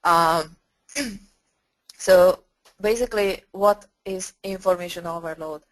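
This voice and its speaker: Hoarse woman with a flat, low voice. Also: low-quality recording. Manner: clears throat often, halting. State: hoarse with flu. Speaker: guest speaker. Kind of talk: webinar presentation.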